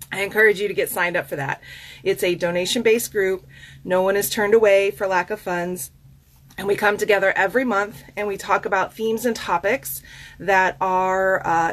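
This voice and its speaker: A chatty woman coach with a Southern US drawl hosts a relaxed self-care talk show. Her pitch sits in the middle, and she rambles warmly through asides and fillers. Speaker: host and life coach. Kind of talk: casual podcast monologue with card reading.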